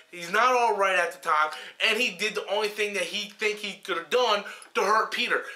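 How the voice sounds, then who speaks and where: Heated male reviewer, high piercing voice, swears constantly, echoey room. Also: bright, forceful tone. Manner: heated, emphatic, swears a lot. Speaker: film reviewer. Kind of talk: profane ranting film review.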